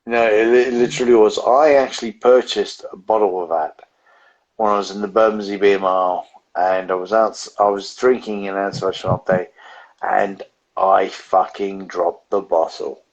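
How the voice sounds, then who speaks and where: A man's voice: on the low side, steady tone, moderate pace, dull audio. A man co-hosting a casual beer review livestream, telling rambling stories full of restarts. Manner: rambling, self-interrupting storyteller. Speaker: co-host of a beer review show. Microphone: home setup on a live video stream.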